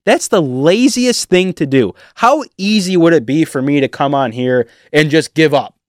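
A man delivering a heated, emotional sports rant to his viewers, animated and sarcastic. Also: on the high side, normal speed, dry recording, studio quality. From Detroit area. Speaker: sports fan vlogger. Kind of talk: ranting sports commentary.

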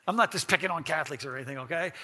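A man's voice: on the high side, very fast, bright, forceful tone. A man teaching a church class in a folksy, interactive way, asking the group questions and laughing often.

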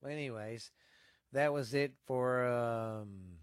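A man's voice: medium pitch, unhurried, no echo, studio quality. A man with a Texan accent hosting a podcast, rambling bluntly through the news with constant swearing. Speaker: podcast host. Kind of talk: casual profane news chat. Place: home desk setup.

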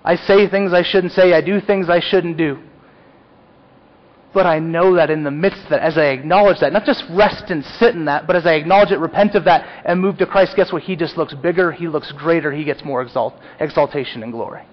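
A man with a fairly high voice preaches a sermon, earnest and confessional, swelling into emphatic peaks. The recording sounds dull and lo-fi. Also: brisk. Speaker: pastor.

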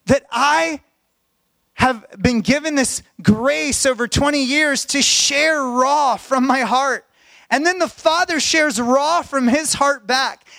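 High-voiced man preaching heartfelt stories. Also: pushed and bright, no room sound. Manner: earnest, heartfelt storytelling. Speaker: pastor. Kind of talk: sermon with personal stories.

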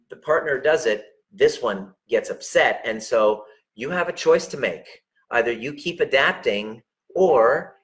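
A man's voice: medium pitch, a bit bright. A man giving blunt relationship coaching, talking directly to the listener, emphatic and peppered with swearing. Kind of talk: direct unscripted coaching talk.

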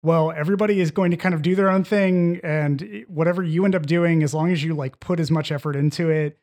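A man's voice: a little high, fairly even intonation, quick pace, darkish tone. A man talking through a film in a casual podcast discussion, rambling with many fillers and restarts. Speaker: podcast co-host.

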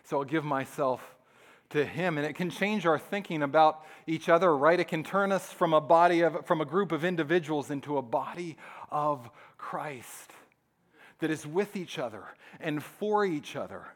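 A man preaching a sermon as pastor, animated when telling stories and dropping to soft, hushed asides. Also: on the high side, normal speed.

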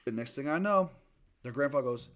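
A man in a casual chat, excitedly retelling movie scenes and acting out the lines. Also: medium pitch, fairly quick. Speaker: movie reviewer.

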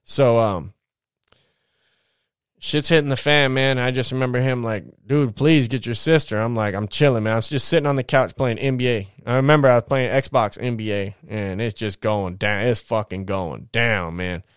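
Smooth-voiced man telling a profane street story. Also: medium pitch, normal speed, dry recording, studio quality. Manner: profane, slangy street talk; animated retelling with quoted voices. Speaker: podcast host telling his life story. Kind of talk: casual storytelling monologue.

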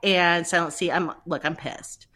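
Woman, 30s, podcast co-host; excitable, laughing, foul-mouthed, casual. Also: lowish voice, measured pace. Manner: laughing, excitable, swears freely. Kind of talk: casual chat.

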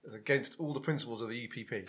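A man's voice: mid-range voice, very fast, a bit bright. A man, a player in a tabletop role-playing game, asking earnest questions.

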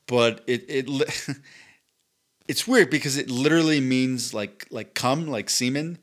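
A man of middle pitch talks casually on a podcast, poking fun at himself and swearing offhandedly. His voice sits in an everyday register with a relaxed, conversational flow. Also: slow. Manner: chatty, self-mocking, swears casually. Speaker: podcast co-host.

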